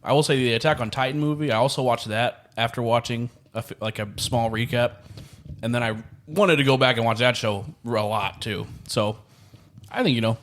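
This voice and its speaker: A man's voice: mid-range voice, steady tone, brisk, a bit bright, slight background noise. A young man co-hosting a casual movie podcast, rambling with many fillers and restarts. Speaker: podcast co-host. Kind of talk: casual chat.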